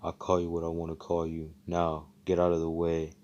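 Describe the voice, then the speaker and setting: A man's voice: deep voice, monotone, normal speed, darkish tone, lo-fi sound, natural voice. A man voicing a cocky young hero. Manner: cocky, swearing, mocking. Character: brash young male hero, cocky and blunt.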